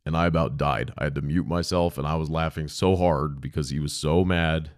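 A former 911 dispatcher turned podcast host recounts a story about his old job, candid, conversational, and frankly profane. His voice is extremely low and steady, brisk in pace, recorded in clean studio quality with no room sound.

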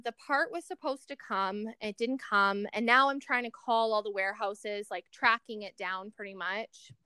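A woman's voice: fairly high pitch, clear, resonant tone, no room sound, clean studio sound. A young woman, co-hosting a podcast and telling a story in casual chat, acting out the voices of the people in it. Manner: animated storyteller who acts out quoted voices. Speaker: podcast co-host.

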